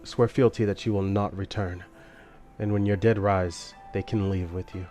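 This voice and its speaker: A man's voice: deep voice, fairly even intonation, normal speed, warm tone, faint music behind, lightly acted. A man voicing a stern female angelic leader in a tabletop game, with a firm, commanding delivery.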